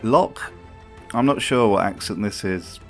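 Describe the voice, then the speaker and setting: A man's voice: lowish voice, a little slow, soft background music. A man giving scripted commentary for a video, sarcastic and profane in his remarks.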